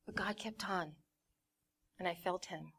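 A woman's voice: on the low side, unhurried, gravelly, fairly bright tone, husky. A young woman giving a personal testimony in a candid way, acting out her family's voices as she tells it. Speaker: church member giving a testimony.

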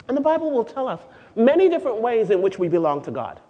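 A woman giving a sermon-style teaching to a group of women, lively and asking the audience questions. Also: a little high, fast talker. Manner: animated, asks the audience questions, sings out quoted lines. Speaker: speaker at a women's gathering. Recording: dull lo-fi recording with long hall reverb.

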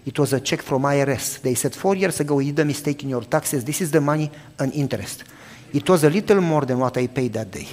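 Older man preaching with animated storytelling. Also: a little high, fast. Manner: animated, acts out both sides of dialogues loudly. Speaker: pastor. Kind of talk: sermon storytelling. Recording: long hall reverb.

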